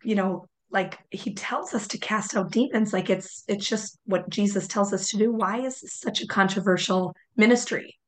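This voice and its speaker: A woman's voice: mid-range voice, moderate pace, hardly any pauses, rough recording. A woman hosting an interview, earnest as she asks questions and offers brief affirmations. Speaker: podcast host and therapist. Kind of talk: casual interview chat.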